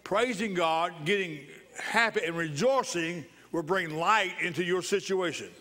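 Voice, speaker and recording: A man's voice: sits high, unhurried, pushed and bright. Man preaching a joyful sermon. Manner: repeats phrases for emphasis, bursts into laughter. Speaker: pastor.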